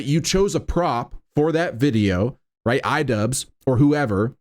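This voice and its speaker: A man's voice: medium pitch, a little mellow. A man hosting a reaction commentary, talking in an incredulous, sarcastic way and leaning on "right?" and "like" between points. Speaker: commentary host.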